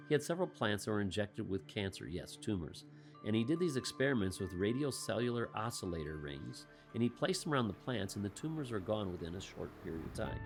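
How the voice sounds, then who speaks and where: Male host, lowish voice, commentary monologue full of rhetorical questions and dry quips. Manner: rhetorical questions with wry asides.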